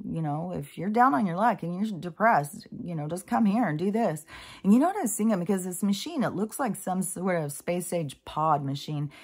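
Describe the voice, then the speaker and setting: A woman's voice: lowish voice, darkish tone. A woman vlogger talking in a rambling, casual monologue, full of fillers and asides. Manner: chatty, meandering, many fillers and asides.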